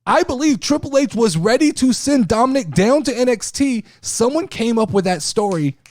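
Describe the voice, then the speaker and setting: A man hosting a casual wrestling talk show, speaking in an animated, profane way. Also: very high-pitched, normal speed, no room sound. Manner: animated, profane, mimics people he talks about. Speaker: podcast host.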